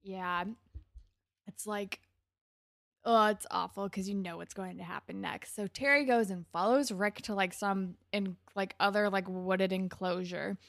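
A woman's voice: medium pitch, measured pace, gravelly, no echo, clean studio sound. A young woman in casual chat, animatedly retelling a show's scenes and acting out the characters' lines. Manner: animated retelling with acted-out quotes, lots of "like". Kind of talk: casual chat recapping a show.

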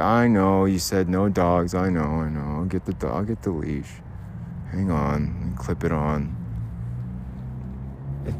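Blunt, ranting low-voiced man outdoors. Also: noisy background. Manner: blunt, ranting, swears casually, talks to himself. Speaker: podcast host. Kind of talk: rambling solo podcast monologue.

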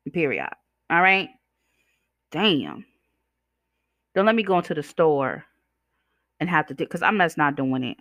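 A woman's voice: low voice, a bit bright, dry recording, clean studio sound. A woman hosting a podcast, ranting bluntly and sassily while chewing gum, her words slightly slurred. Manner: blunt, sassy, preachy. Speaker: podcast host. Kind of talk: ranting monologue.

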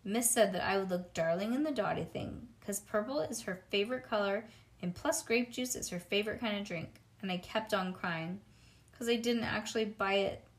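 A woman reading a children's storybook aloud in a lively, childlike first-person narration. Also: mid-range voice, normal speed. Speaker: reader.

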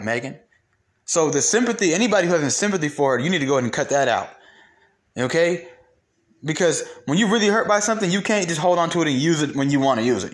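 A young man hosting solo commentary, blunt and profane, ranting with mocked quotes. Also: fairly high pitch. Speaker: commentary host.

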